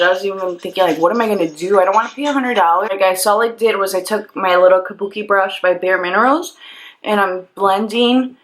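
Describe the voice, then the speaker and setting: A young woman beauty vlogger, chatting through her makeup routine and telling a story with animated, exasperated quoted lines. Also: on the low side, a little hiss or hum, poor audio. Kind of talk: chatty get-ready-with-me storytelling.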